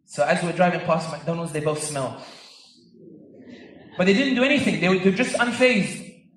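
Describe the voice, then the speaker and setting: A man giving an animated, joking public speech to a live audience, with emphatic stretches. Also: high voice, normal speed. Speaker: guest speaker. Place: large convention centre hall. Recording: echoey hall, voice picked up from far off.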